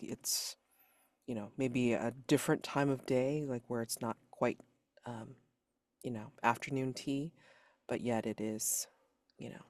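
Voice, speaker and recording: A man's voice: medium pitch, no echo. A man running a tabletop game as game master, casual and rambling with lots of filler words.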